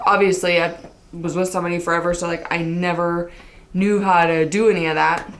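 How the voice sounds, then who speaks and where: A woman's voice: on the low side, fairly even intonation, moderate pace, fairly bright tone, a little hiss or hum. A young woman casually telling a funny personal story, chatty and self-mocking, swearing freely and acting out what people said. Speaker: vlogger telling her story.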